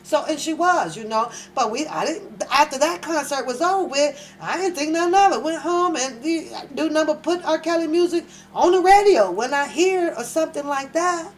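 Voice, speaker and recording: High-voiced woman, blunt and mocking. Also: animated, normal speed, few pauses, a little hiss or hum. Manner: repeats phrases for emphasis. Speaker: reaction channel host. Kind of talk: profane reaction commentary.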